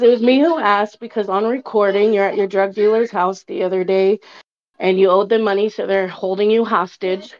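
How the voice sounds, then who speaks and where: A woman's voice: medium pitch, a little mellow. Sarcastic woman caller on dull lo-fi audio. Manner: accusing, sarcastic. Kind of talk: casual voice chat.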